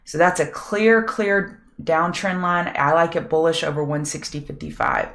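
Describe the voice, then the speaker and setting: A middle-aged woman hosts a live trading show with a low voice that sounds a little scratchy today. She chats with viewers by name and thinks aloud as she looks over charts. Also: very animated, moderate pace, fairly bright tone. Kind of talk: live market prep chat with viewers.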